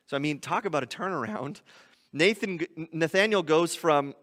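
A man preaching a sermon, animated, often acting out quoted voices. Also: fairly high pitch, moderate pace, long reverb tail. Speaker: pastor.

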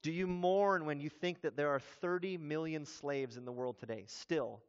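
An impassioned male pastor delivers a sermon, climbing to emphatic peaks and then sinking low and quiet. His voice sits a little high for a man. The sound carries a long hall reverb and comes through dull and lo-fi. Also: normal speed.

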